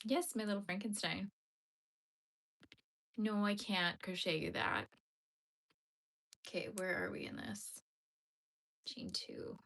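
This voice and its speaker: Young female streamer, bright voice, mid pitch, easygoing craft-stream chatter. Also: a little slow, long pauses. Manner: chatty, reacts to chat, turns tearful over sad dog movies. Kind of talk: casual live-stream chat while crocheting.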